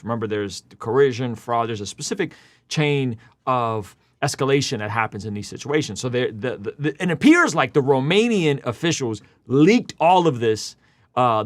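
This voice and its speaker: A man's voice: medium pitch, no room sound. A man hosting a commentary show, explaining a news story and reading Bible passages aloud. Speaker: host.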